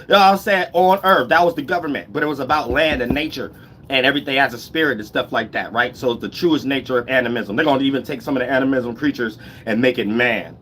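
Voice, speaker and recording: Animated man with a bright, forceful voice. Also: medium pitch, a little hiss or hum. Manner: animated, laughing, fast-talking street slang. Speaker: host. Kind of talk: casual monologue.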